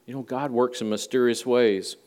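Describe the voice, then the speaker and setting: A man's voice: mid-range voice, fairly even intonation, normal speed, darkish tone. A male pastor giving a conversational sermon in a church, with folksy asides to the congregation. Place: church sanctuary.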